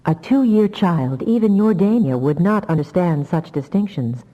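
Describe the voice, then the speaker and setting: A woman reading an audiobook, voicing a calm and wise older woman who speaks briskly. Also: medium pitch, long reverb tail, muffled recording, pitched above the performer's own voice. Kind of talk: audiobook character voice.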